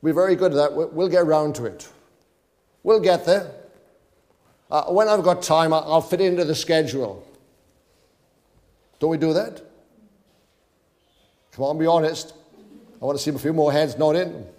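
A man's voice: fairly high pitch, normal speed, pauses often, darkish tone. A male preacher exhorting a congregation, reading scripture aloud in King James wording and pleading with his listeners. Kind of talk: sermon. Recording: long hall reverb.

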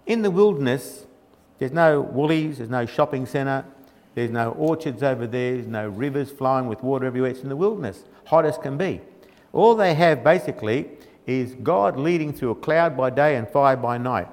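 A man's voice: mid-range voice, expressive, normal speed, darkish tone, big-room sound. A man preaching a sermon in a colloquial, emphatic way, mocking the grumbling of the people he quotes.

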